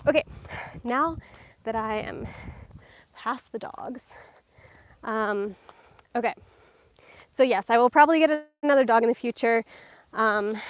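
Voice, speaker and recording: A young woman chatting casually while walking her dog outdoors, a little out of breath, filming on her phone. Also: fairly high pitch. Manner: chatty, distracted, laughing often, slightly out of breath. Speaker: lifestyle vlogger. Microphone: handheld phone.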